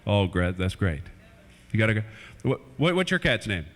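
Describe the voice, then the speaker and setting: A man's voice: lowish voice, very animated, moderate pace, fairly bright tone. A man doing playful family stand-up comedy in a church hall, chatting with kids in the crowd, on an old VHS recording.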